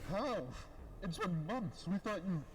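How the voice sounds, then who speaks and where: A man's voice: high voice, lively intonation, a little slow, big-room sound, slight background noise, low-quality recording. An actor playing a frightened colleague facing a gunman, shaky and pleading.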